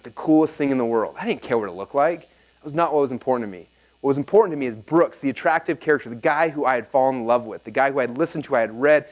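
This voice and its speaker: A man leading a live workshop seminar, telling stories energetically and checking in with his audience. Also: medium pitch. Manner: energetic, animated storyteller, often checks in with the audience. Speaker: workshop speaker. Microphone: filmed talk.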